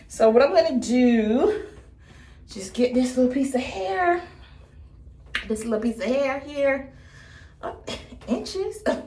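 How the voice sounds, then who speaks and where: A woman's voice: high voice, lively intonation, takes it slowly, pauses often, dark tone, slight background noise. A woman in her thirties chatting casually on camera as she does her hair, playful and jokey, talking straight to her viewers. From United States. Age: 30s. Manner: playful, jokey, talks to viewers as "baby" and "y'all". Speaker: hair vlogger. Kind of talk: casual chat while styling hair on camera. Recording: echoey room.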